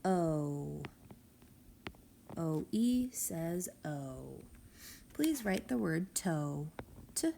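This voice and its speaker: Slow, careful woman teaching phonics. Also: fairly low pitch, big pitch swings, creaky, dark tone, a little hiss or hum. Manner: slow, careful, stretching out sounds. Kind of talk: phonics lesson for children.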